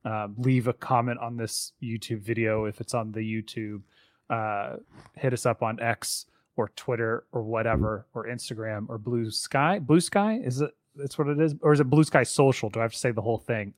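A man co-hosting a podcast in casual chat, rambling with quick asides. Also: medium pitch, steady tone, no echo, clean studio sound. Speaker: podcast co-host.

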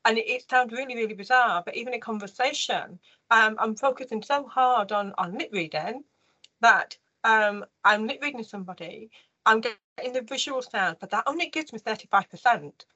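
A woman in her fifties, an interview guest telling her personal story in an earnest, emotional way with halting restarts. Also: a little high, sharp tone, lo-fi sound.

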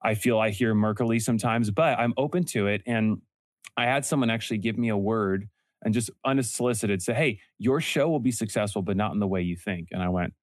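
Young male guest, lowish pitch, dry close mic, earnest, restarts sentences. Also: no echo. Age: young adult. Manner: earnest storytelling, quick self-corrections. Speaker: podcast host and entrepreneur guest. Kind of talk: casual interview talk.

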